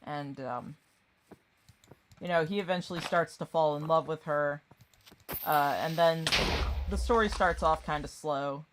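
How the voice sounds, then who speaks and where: A woman's voice: deep voice, a little slow, pauses often, a little hiss or hum. A woman streaming a game, chatting casually and rambling, often distracted. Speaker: gaming streamer. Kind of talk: casual chat while gaming.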